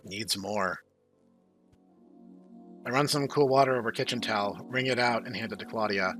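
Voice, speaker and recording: Let's-play host, male, mid pitch, measured narration, faint music underneath. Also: fairly bright tone. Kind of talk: reading a visual novel aloud.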